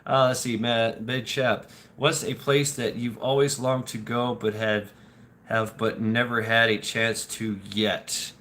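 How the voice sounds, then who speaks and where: A man in his forties rambles through viewer questions on a live stream. His voice is bright and forceful. He halts often, repeats words and laughs between stories. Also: mid-range voice, little pitch movement, unhurried, slight background noise.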